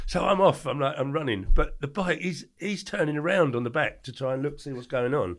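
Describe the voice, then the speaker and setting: Older man, gravelly voice, quick talker, acts out the voices, casual interview. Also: on the high side. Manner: animated storyteller who acts out the voices. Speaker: podcast guest, former doorman.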